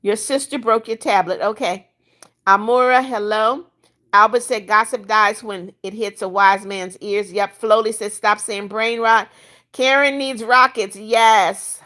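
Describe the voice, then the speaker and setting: The host here is an older woman whose slightly high, bright voice carries a forceful tone. On her casual livestream she reads viewers' comments aloud and kicks out troublemakers without mincing words.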